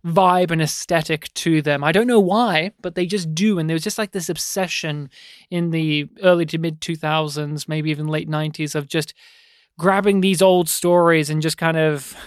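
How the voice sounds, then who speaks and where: A man talking through a film on a podcast in a loose, rambling way, circling back on himself with fillers and restarts. His voice is smooth and clear. The recording is dry and close, with no room sound. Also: fairly high pitch, fairly even intonation, moderate pace, no echo. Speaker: podcast co-host. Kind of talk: casual film discussion.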